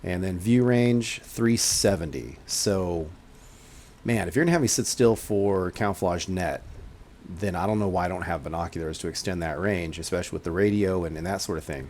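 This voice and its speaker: A man's voice: low-pitched, moderate pace, darkish tone, slight background noise. A man hosting his own game channel, giving gameplay commentary as he thinks aloud, hedging often and explaining mechanics to newcomers. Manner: musing, thinking aloud with frequent hedges.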